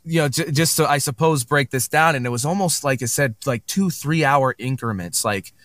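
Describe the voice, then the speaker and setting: A man's voice: mid-range voice, moderate pace, fairly bright tone, no room sound. A man chatting casually on a podcast, telling a long story with many fillers and restarts. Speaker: podcast guest.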